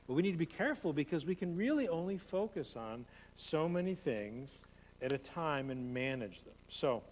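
A man preaching a conversational sermon as pastor, repeating phrases and speeding up as he tells stories. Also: mid-range voice. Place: church sanctuary. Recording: long hall reverb, faint hum.

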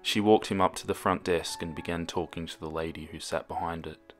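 Young guy w a low voice reading a creepy story, steady and calm, voice-over mic. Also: normal speed, hardly any pauses, faint music behind. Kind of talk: scripted horror story narration.

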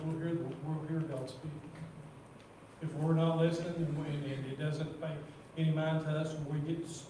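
A man preaching a sermon in church, reading scripture slowly and repeating words as he talks. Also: fairly high pitch, mellow. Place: church sanctuary. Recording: roomy echo from far off, faint noise.

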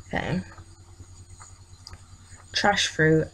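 A woman with a fairly low voice chats her way through a casual let's-play. She talks straight to the characters on screen and scolds them when they misbehave. A faint hiss of background noise sits under her voice. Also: steady tone, a little slow. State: tired, yawning. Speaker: gaming channel host.

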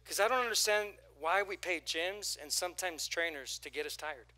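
Bright-voiced male pastor preaching. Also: high-pitched, normal speed. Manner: conversational, storytelling with acted quotes and crowd prompts. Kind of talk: sermon. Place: church auditorium.

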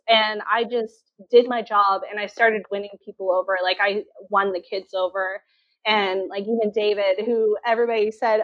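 A woman's voice: medium pitch, steady tone, unhurried, no room sound. A woman from Canada telling her teaching story as an interview guest, candid and full of fillers. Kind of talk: casual interview. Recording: dull lo-fi sound.

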